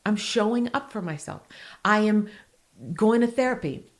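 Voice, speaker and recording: A woman in her forties hosting a podcast, talking candidly and earnestly, with quick laughs between heartfelt points. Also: medium pitch, lively intonation. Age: 40s. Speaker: podcast host.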